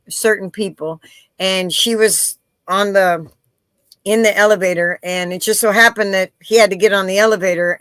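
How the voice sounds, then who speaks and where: A woman hosting a live interview, telling stories in an animated way and acting out the voices of the people in them. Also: medium pitch, smooth, dry recording. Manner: animated storyteller, acts out quoted voices. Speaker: interview host. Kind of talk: casual live interview chat.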